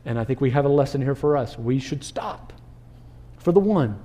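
A man preaching a sermon as pastor, animated, asking the listeners questions and acting out crowd voices. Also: mid-range voice, a little fast.

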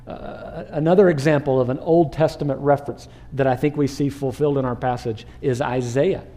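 A man preaching a sermon as pastor, animated, asking the listeners questions and acting out crowd voices. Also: medium pitch, brisk.

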